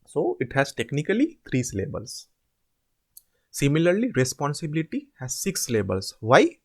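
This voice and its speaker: A man, tutoring students through assignment answers, slowly drawing out example words to demonstrate them. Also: on the high side, wildly swooping pitch. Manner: drawn-out demonstration words, repetitive. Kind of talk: informal screen-share explanation.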